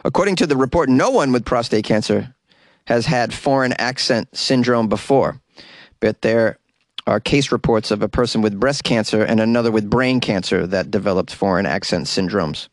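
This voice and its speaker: A man's voice: mid-range voice, a little fast, no echo. A man hosting a podcast, casually reading odd news stories and stumbling over hard words. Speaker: podcast host.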